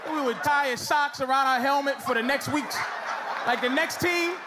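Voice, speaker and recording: A man doing loud, teasing stand-up crowd work on a comedy stage. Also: very high-pitched, normal speed. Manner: loud, teasing, riffing with the audience. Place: comedy stage before a live audience. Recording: noisy live show with crowd laughter.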